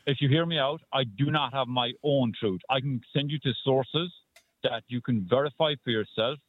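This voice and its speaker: A man calling a radio show from his car, insistent and halting with fillers, heard on a muffled phone line. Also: mid-range voice. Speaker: caller.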